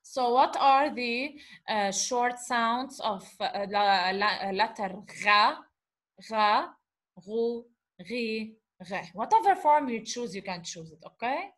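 A woman's voice: on the high side, lively intonation, measured pace, hardly any pauses, a bit bright. A woman teaching a beginners' lesson on letters, patiently sounding out syllables and asking the class questions. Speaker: Arabic teacher.

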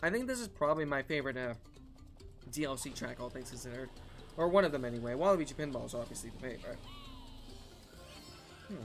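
A man streaming a racing game live, chatting with his viewers in an excitable, talkative way and laughing often. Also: mid-range voice, fast talker. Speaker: gaming streamer. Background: faint background music.

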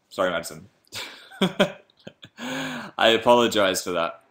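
A man's voice: deep voice, normal speed, long pauses, fairly bright tone. A man hosting a casual livestream, chatting playfully and reading viewer comments aloud. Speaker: livestream host.

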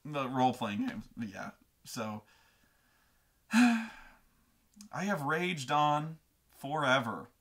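A man's voice: medium pitch, expressive, takes it slowly, a bit bright. A man hosting a show, telling a long, profane, rambling rant full of tangents. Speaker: host. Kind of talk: comedic rant.

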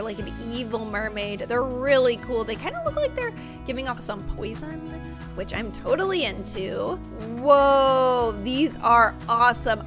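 A young woman hosting a casual gaming video, gushing and chatty, peppering her talk with "like". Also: a little high. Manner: bubbly, gushing, says "like" often. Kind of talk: casual gameplay commentary. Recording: music playing behind voice.

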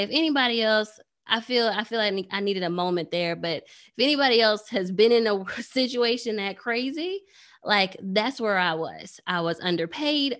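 A woman in her thirties tells a story from her own life in a relaxed, conversational way. She leans on "like" constantly and lets her voice leap upward for sarcastic asides before settling back to a mid-range tone. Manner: animated, jumps high for sarcastic asides; frequent "like" fillers. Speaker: trading educator. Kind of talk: personal storytelling talk.

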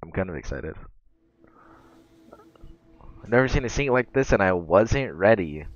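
A man reacting to meme videos as a streamer, excitable and cursing often, bursting into laughter. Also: lowish voice, unhurried, dry recording. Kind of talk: casual reaction commentary. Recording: dull lo-fi mic.

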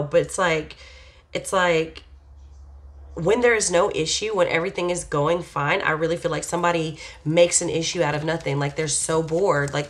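A woman with a low voice talks through a tarot reading in a loose, chatty way. She is blunt and candid, sighs often, and swears casually as she goes. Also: fairly bright tone. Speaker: tarot reader.

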